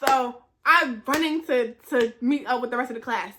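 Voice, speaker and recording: A woman's voice: on the high side, normal speed, background noise. A young woman vlogger and flight attendant telling a story in a casual, chatty way, repeating phrases for emphasis and acting out other people's lines. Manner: animated, acts out the voices of others.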